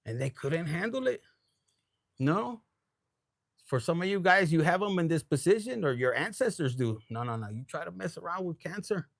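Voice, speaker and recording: A man's voice: a little high, very animated, normal speed, vocal fry, dry recording, clean studio sound. A man giving a casual live tarot reading, tipsy, loose and profane, dropping Spanish phrases. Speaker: tarot reader.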